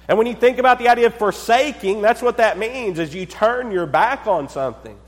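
A man delivers a sermon in a voice pitched well above most men's, and the room carries a long, ringing reverb. He pauses for effect and sinks to a near-hush on his key points. He keeps asking the congregation rhetorical questions. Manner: preaching with dramatic pauses, dropping to a low hush on key words. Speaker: pastor.

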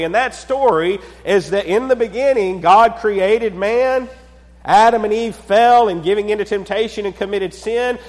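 A man delivers a sermon in a voice pitched well above most men's, and the room carries a long, ringing reverb. He pauses for effect and sinks to a near-hush on his key points. He keeps asking the congregation rhetorical questions. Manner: preaching with dramatic pauses, dropping to a low hush on key words. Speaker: pastor.

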